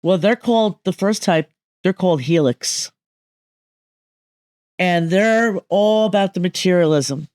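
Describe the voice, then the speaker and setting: A woman's voice: on the low side, measured pace, long pauses, a little mellow, no room sound, clean studio sound. A woman speaking as a medium guest on a podcast, explaining emphatically and often checking that listeners follow.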